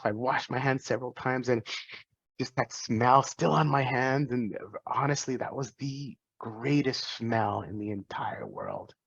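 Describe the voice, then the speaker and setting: A man's voice: medium pitch, no room sound, muffled recording. Earnest man telling his story. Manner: earnest, reflective, with many restarts. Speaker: physician and guest speaker. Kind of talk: personal talk to students.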